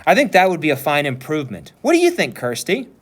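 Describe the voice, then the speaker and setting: A man voicing a gentle, reassuring mother in a read-aloud story. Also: a little high, wildly swooping pitch, quick pace. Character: warm, amused mother of young girls.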